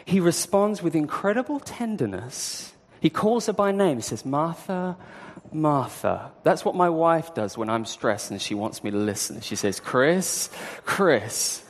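Lively man preaching in a reverberant hall. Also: fairly high pitch, moderate pace, few pauses, slight background noise. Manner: lively storytelling, acting out the story. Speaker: pastor. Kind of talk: sermon.

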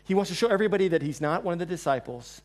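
A male preacher delivers a sermon in church, with a voice pitched a little above the usual. He is a lively storyteller who acts out the lines he quotes. His loudness rises and falls between forceful and hushed. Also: very fast. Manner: animated storyteller, acting out quotes, swings between loud and soft.

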